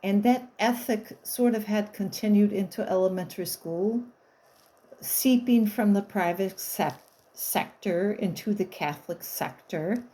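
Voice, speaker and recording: A woman's voice: medium pitch, measured pace, dark tone, low-quality recording. Wry, rambling woman in her fifties. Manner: rambling, wry, blunt with profanity. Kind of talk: casual storytelling monologue.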